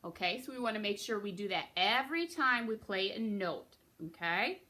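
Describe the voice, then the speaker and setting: A woman's voice: medium pitch, lively intonation, moderate pace, bright, forceful tone, a little hiss or hum. A woman teaching a beginner recorder lesson, patient and encouraging, checking in with frequent okays. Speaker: music teacher.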